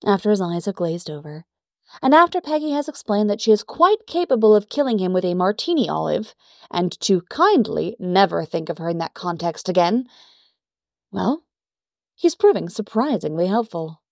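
A woman reading a story aloud in measured, even narration. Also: medium pitch, no room sound, studio quality. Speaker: story reader. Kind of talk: scripted narration.

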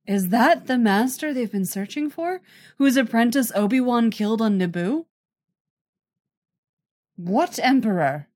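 A woman's voice: a little high, lively intonation, measured pace, long pauses, no echo, studio quality, voice pushed up. A woman voicing a stern female Jedi archivist in a fan fiction audiobook, speaking sharply. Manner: sharp and clipped.

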